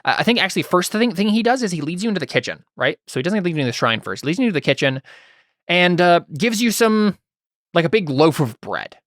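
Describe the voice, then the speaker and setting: A man's voice: sits high, sing-song, quick pace, a bit bright, no room sound, studio quality. A man narrating as game master of a tabletop role-playing game, talking loosely with many fillers and restarts.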